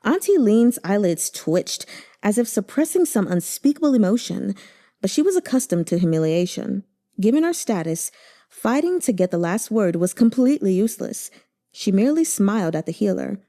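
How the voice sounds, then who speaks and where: A woman narrating a novel aloud with expressive, emotive delivery. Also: mid-range voice, normal speed. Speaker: audiobook reader.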